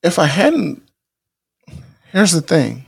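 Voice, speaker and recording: A man's voice: a little high, big pitch swings, takes it slowly, vocal fry, breathy edge. A middle-aged man hosting a podcast, giving earnest motivational advice in a casual, preachy way, often repeating himself and restarting phrases. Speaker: podcast host.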